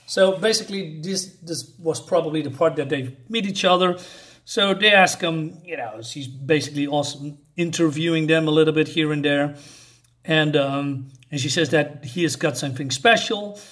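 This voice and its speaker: A man talking through a comic book issue page by page in a casual, halting way, with many fillers and the odd chuckle. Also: a little high, fairly bright tone.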